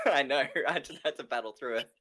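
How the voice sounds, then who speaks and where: A man co-hosting a podcast livestream, reacting quickly and giggling through casual chat. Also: mid-range voice, sharp tone. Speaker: podcast co-host.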